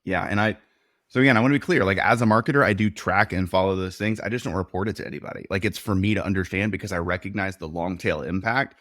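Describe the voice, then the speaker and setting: A man's voice: low-pitched, quick pace, a bit bright, no room sound, studio quality. A man being interviewed as a podcast guest, explaining his views in a confident, direct way. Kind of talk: conversational interview.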